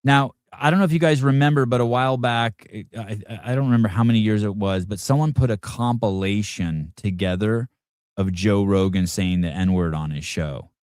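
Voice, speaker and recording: A man's voice: lowish voice, moderate pace, a little mellow, smooth, dry recording, clean studio sound. A man hosting a show, giving casual reaction commentary in a combative, profane rant aimed at his audience and producer. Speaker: podcast host.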